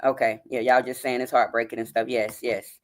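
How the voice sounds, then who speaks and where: A woman's voice: extremely low pitch, level tone, brisk. A woman hosting a live stream, choked up and near tears as she reads a story aloud and talks to her viewers as y'all. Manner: addresses viewers as y'all, greets chat by name. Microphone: phone.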